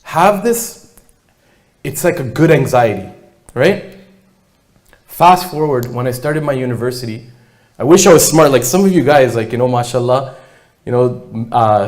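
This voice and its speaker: A man gives a keynote talk. He tells his story in a lively, casual way and acts out what his family said. His voice sits at a middle pitch for a man. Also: measured pace. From Canada. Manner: animated storyteller acting out family dialogue. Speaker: keynote speaker.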